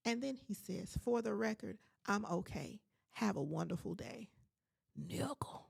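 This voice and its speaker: A woman in her forties hosting a podcast, telling a personal story in a casual, animated and emphatic way, talking straight to her listeners. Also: medium pitch, normal speed, creaky, breathy edge. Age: 40s. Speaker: podcast host.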